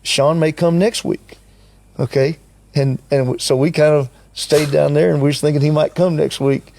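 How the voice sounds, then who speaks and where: A man's voice: on the high side, normal speed, gravelly, slight background noise. An older man in casual chat, animatedly recounting a story and acting out what people said. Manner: animated storyteller, acts out quotes. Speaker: guest recounting a business story.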